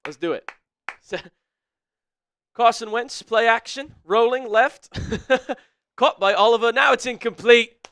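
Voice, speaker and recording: A young man calling football plays on a live fan stream, shouting at big plays, laughing often, and putting on a playful mock British accent. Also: very high voice, slow pace, long pauses, clean tone, no room sound, clean studio sound. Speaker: live stream co-host doing play-by-play.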